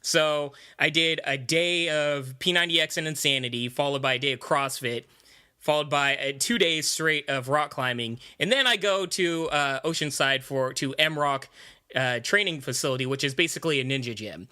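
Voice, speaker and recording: A man co-hosting a podcast, telling stories in an animated, self-deprecating way. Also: fairly high pitch, normal speed, clean tone. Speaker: podcast co-host. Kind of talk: casual podcast chat.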